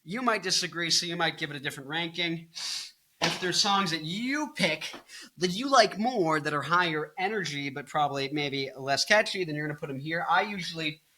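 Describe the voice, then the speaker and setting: A man's voice: on the high side, bright, forceful tone, slight background noise. A man in his twenties, a rock guitarist and singer, giving casual music commentary and thinking aloud as he explains. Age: 20s.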